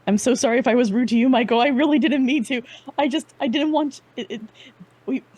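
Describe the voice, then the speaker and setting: A woman's voice: sits high, a little fast, a little mellow, slightly rough, pitched above the performer's own voice. A woman voicing an apologetic male player character, stumbling through a flustered apology in a tabletop game.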